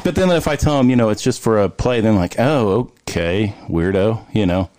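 A man, a podcast guest, telling an animated story in casual chat and laughing often. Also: mid-range voice, fast talker, crowd noise.

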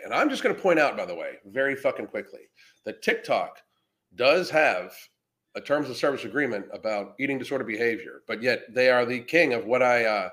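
A man from Florida with a medium-pitched, fairly bright voice runs a podcast livestream. Reacting to comments, he reads them aloud and taunts trolls in a crude, brash, offhand style.

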